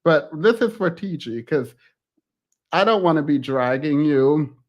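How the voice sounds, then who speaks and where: Animated man hosting a live call-in. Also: on the high side, unhurried, lo-fi sound. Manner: animated, laughing, self-interrupting. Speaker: live stream host. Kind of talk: casual live call-in chat.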